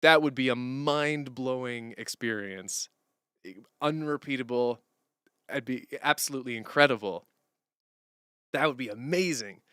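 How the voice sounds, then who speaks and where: A man's voice: mid-range voice, unhurried, pauses often, fairly bright tone, smooth, no echo. Male streamer, casual rambling chat, clean dry close mic. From Canada. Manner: rambling, chatty, answers chat questions, laughs easily. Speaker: streamer and musician. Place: room at home, sitting on a hardwood floor.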